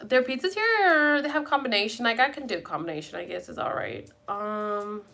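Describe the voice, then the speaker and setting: A woman's voice: on the high side, very animated, normal speed, vocal fry, sharp tone. A young woman live-streaming at home, chatting with viewers in a rambling, casual way and swearing now and then. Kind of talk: casual chat.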